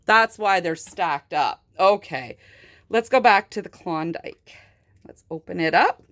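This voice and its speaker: A young adult woman reviewing toys in an unboxing video, gushing and excitable, gasping with delight. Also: on the low side, measured pace. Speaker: toy reviewer.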